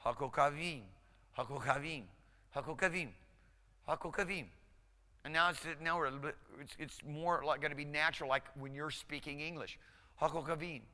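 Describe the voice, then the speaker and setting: A male instructor lecturing a class, encouraging and conversational, drilling pronunciation slowly, syllable by syllable. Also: a little high, steady tone, pushed and bright, smooth. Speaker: Hebrew instructor. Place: lecture hall. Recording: lecture hall reverb.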